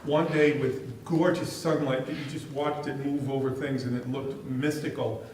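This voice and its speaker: A man's voice: medium pitch, little pitch movement, moderate pace, darkish tone, a little hiss or hum. A man speaking as school superintendent at a board meeting, telling chatty, amused stories. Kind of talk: meeting remarks and storytelling. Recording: echoey room, distant mic.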